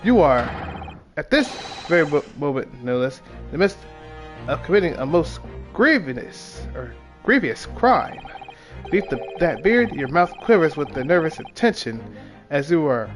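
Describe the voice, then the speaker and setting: A man's voice: on the high side, sing-song, unhurried, over music. A man reading aloud as a pompous, eccentric male detective, theatrical and grandiose, stumbling over words now and then. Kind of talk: reading game dialogue aloud.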